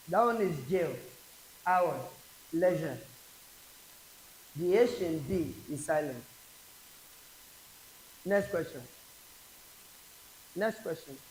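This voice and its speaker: A man with a Nigerian accent teaching an exam prep English class, slowly repeating each word aloud for drilling. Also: a little high, darkish tone. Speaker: English tutor. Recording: echoey classroom with faint hiss.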